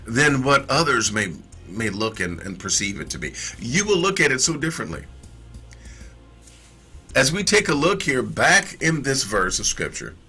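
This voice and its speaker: A man teaching a sermon slowly and emphatically, repeating phrases to press each point. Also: medium pitch, sharp tone, husky.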